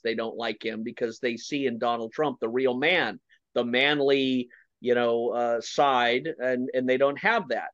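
A man giving forceful, opinionated political commentary, often repeating words and swinging from low mutters to emphatic punches. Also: no room sound, dull audio.

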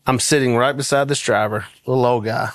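A man telling a lively anecdote in casual talk, often laughing and acting out what others said. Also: mid-range voice, a little fast, no echo, clean studio sound. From American South. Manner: animated, laughs through his story, acts out quotes. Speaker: guest storyteller.

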